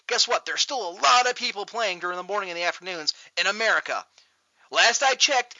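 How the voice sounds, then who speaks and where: A man hosting a show, ranting loudly and profanely in a mocking tone, recorded on dull lo-fi audio. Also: high-pitched, no room sound. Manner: loud, profane, mocking rant. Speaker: podcast host. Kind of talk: ranting comedic talk show.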